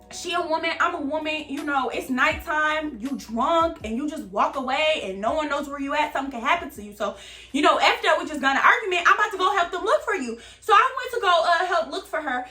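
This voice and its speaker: A young woman telling a story in a casual, slangy vlog, animated and chatty. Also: very high voice, echoey room. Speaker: vlogger.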